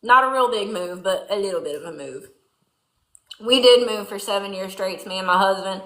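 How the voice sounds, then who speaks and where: Chatting with viewers from the barn during milking chores, a Louisiana woman with a folksy country twang reads comments on a casual farm livestream. Her mid-range voice is fairly bright and moves at a normal speed, and the sound is roomy.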